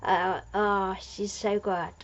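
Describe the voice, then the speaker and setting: Slow, gushing woman on lo-fi mic. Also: mid-range voice, level tone. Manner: gushing, rambling with many fillers and restarts. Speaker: fan reviewer. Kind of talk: casual episode recap.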